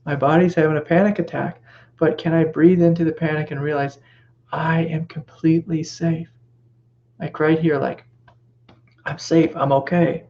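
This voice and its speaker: Gentle gravelly man teaching spirituality. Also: on the high side, flat delivery, normal speed, dull audio. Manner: gentle, reflective, with soft whispered reassurances. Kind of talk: satsang teaching talk.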